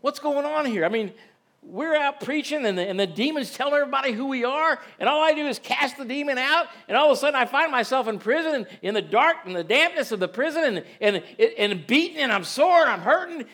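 A man's voice: very high-pitched, expressive, quick pace, bright, forceful tone. A man preaching a sermon in a church, folksy and conversational, often asking the congregation rhetorical questions. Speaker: pastor.

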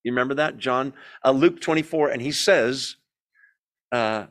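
A man's voice: medium pitch, normal speed, fairly bright tone. A man teaching a Bible study in a conversational way, asking the group questions and telling the story with energy.

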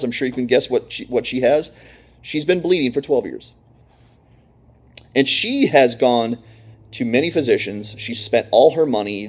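A man's voice: mid-range voice, breathy edge. A man preaching a conversational sermon, storytelling with casual asides to his listeners. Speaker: preacher teaching a lesson.

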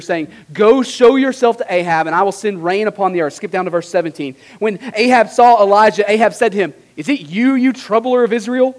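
Male pastor, high voice, sermon delivery, dramatic scripture reader, rhetorical asides. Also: a little fast. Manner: reads scripture with dramatic emphasis, rising for quoted lines; asks rhetorical questions with a tag like "right?".

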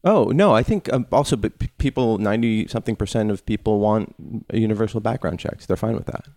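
Man, casual chat, rambling and halting, sarcastic, low voice, dry close sound. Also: darkish tone, no room sound.

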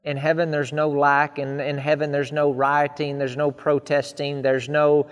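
Earnest male preacher, fairly high voice. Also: completely flat delivery, normal speed, clear, resonant tone, big-room sound. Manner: earnest preaching with emphatic repeated lists. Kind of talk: sermon.

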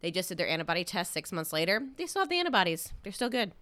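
Upbeat woman podcaster, expressive voice that moves around a lot, eager reactions. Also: on the low side, rapid-fire. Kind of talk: casual chat.

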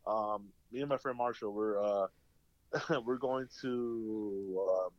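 Fairly low in pitch and unhurried, this podcast co-host tells meandering stories packed with profanity and performed quotes. The audio has no echo, but the highs are cut off.

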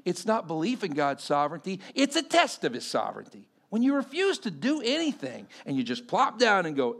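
A Texas pastor in his forties preaches a sermon built around a personal story, voicing the people he quotes and swinging between loud and hushed delivery. His voice is high-pitched and creaky, with huge pitch swings, a fairly quick pace and few pauses.

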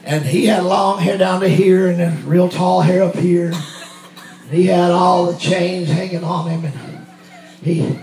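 A man preaching a testimony sermon, telling a story and building to shouts. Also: high voice, flat delivery, measured pace, echoey room, faint music behind. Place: church sanctuary.

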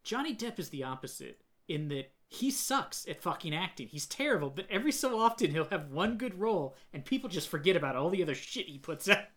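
A man's voice: sits high, big pitch swings, brisk, few pauses, a bit bright. A man hosting a casual podcast, ranting with lots of swearing and laughter. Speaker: podcast host.

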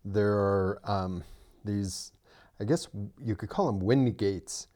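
A man's voice: lowish voice, takes it slowly. A middle-aged man co-hosting a podcast in casual chat, telling stories and teasing his friend. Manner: teasing, animated storyteller. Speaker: podcast co-host.

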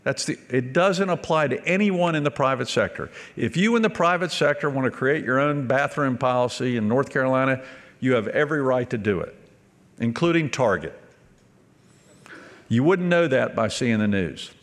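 A former governor giving an earnest, emphatic speech, telling a story to an audience. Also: male voice, medium pitch, expressive, moderate pace. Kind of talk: public speech. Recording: long reverb of a large hall.

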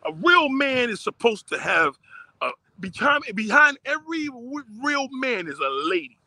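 A man's voice: very high voice, sing-song, moderate pace, sharp tone, no echo. A man ranting profanely and emphatically on a livestream, repeating himself as he talks outdoors on a phone. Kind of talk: casual rant on a livestream.

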